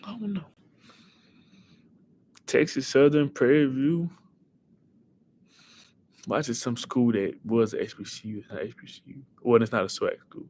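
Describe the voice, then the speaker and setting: Young man, livestream host, casual quiz chat, excitable, talks to chat, ordinary pitch, faint hiss behind. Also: fast, few pauses. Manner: excitable, thinks aloud and talks back to chat.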